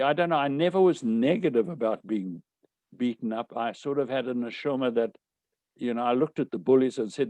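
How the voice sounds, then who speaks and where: An older man, telling anecdotes from his life in a wry, animated way. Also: mid-range voice, no room sound. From South Africa. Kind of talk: storytelling talk.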